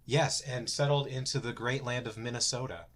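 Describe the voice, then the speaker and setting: Joking young guy hosting a chill podcast, mid-pitch voice. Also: steady tone, normal speed, fairly bright tone. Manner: playful, joking. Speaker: podcast co-host. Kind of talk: casual chat.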